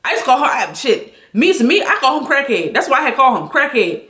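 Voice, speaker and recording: A woman angrily venting a story on a livestream, talking loud, blunt and full of profanity. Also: high-pitched, very animated, fast, echoey room.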